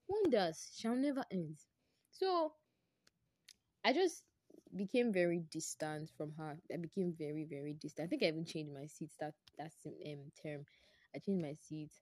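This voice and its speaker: A young woman with a Nigerian English accent tells a story from her own life on her podcast. Her voice sits low and has a mellow, soft tone. She is lively and exclamatory, and the sound is close and dry. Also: no room sound. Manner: animated, exclamatory, repeats herself for emphasis. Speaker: podcast host.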